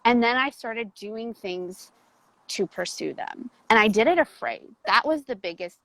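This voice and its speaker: A woman's voice: a little high, animated, fairly bright tone, low-quality recording. A woman guest talking openly and emotionally about her personal change, in a chatty style full of "like"s. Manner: open, emotional, fast storytelling with many "like"s. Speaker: coaching client, guest. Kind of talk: casual interview chat.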